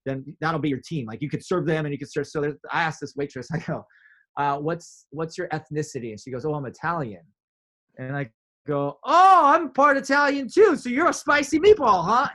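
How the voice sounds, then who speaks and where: A man telling a story in casual chat, animated, acting out his own quotes with big jumps in pitch.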